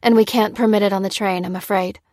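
A clipped, matter-of-fact female doctor, played by a woman reader. She is brisk and apologetic in a dry, close storybook reading. Her voice sits at a middle pitch. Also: fairly even intonation, warm tone, dry recording, natural voice.

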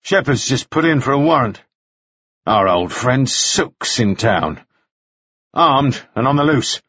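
Man doing a calm, menacing visitor. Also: mid-range voice, slow, husky, dry recording, dull audio, heavily acted. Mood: cool menace.

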